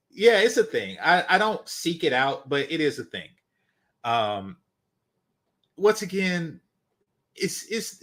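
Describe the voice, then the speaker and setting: Blunt, foul-mouthed male commentator. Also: fairly high pitch. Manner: blunt, dismissive, swears often. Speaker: dating commentary host. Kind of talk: casual profane commentary.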